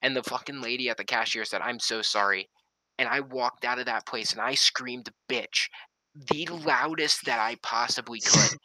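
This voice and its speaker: A man's voice: mid-range voice, normal speed, bright, forceful tone, dry recording, rough recording. A young man telling a story in casual, heavily profane talk. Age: young adult.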